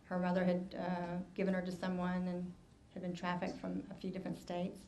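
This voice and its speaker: A woman moderating a press conference, speaking in an even, measured way. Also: on the low side, gravelly.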